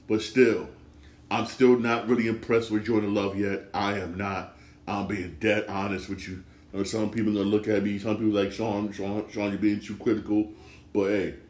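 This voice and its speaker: A sports podcast host with a mid-range voice runs a casual solo talk show in a roomy-sounding space. He's emphatic and repetitive, circling back to the same points again and again.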